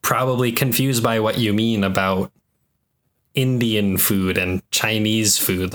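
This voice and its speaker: A man talks loosely on a podcast, wandering through his thoughts with a steady stream of "like" and "you know". His voice sits a bit low and sounds bright. It is relaxed, conversational chat. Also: slow pace. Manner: rambling, heavy use of "like" fillers. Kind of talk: casual chat.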